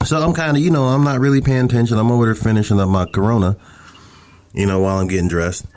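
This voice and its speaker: A man's voice: fairly low pitch, steady tone, quick pace, darkish tone. A man who is a podcast guest, telling a story in a laid-back, casual and profane way.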